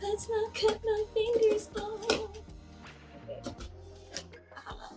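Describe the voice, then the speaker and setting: A woman vlogging an unboxing, excitable and giggly, talking to herself as she opens gifts. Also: extremely high pitch, slow pace, soft background music. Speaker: manga YouTuber. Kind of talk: unboxing vlog, reading a card aloud.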